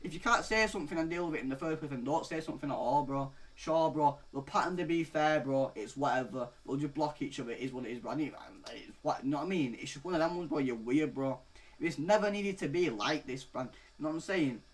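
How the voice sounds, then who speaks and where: A young man in his late teens telling a story-time rant, rambling and profane, tagging "bro" onto nearly every phrase and swinging from mutters to loud outbursts. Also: fairly high pitch, animated, fast talker. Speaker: vlogger.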